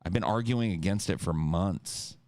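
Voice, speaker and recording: This podcast co-host, an adult man who has lived through two incumbent defeats, has a very low voice and delivers a heated, profane political rant at a moderate pace. He slips into mocking impressions of the people he's arguing against. The audio is dry and close-miked, with no room sound.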